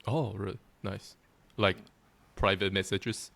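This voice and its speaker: Brief: male interviewer, very low voice, relaxed short reactions and simple questions. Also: slow, creaky. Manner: short reactions, easy questions, laughs along. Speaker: interviewer, channel host. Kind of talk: casual interview.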